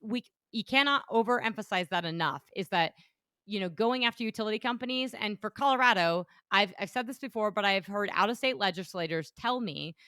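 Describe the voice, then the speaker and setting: A woman's voice: mid-range voice, a little fast, pushed and bright, clear, resonant tone, no echo, clean studio sound. A woman hosting a podcast as an energy economist, talking in an emphatic, opinionated way with many restarts. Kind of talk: casual political podcast chat.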